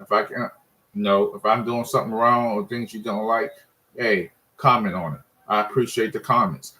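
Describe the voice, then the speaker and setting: A man's voice: on the low side, fairly even intonation, normal speed, bright, forceful tone, rough recording. A man ranting in a casual monologue, frustrated and rambling, often restarting his sentences. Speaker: sports fan vlogger.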